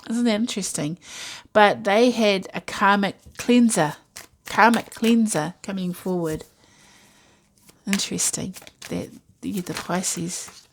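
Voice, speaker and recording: A woman's voice: medium pitch, measured pace. A woman giving a casual intuitive tarot reading, musing aloud with many fillers and asides. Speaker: tarot reader.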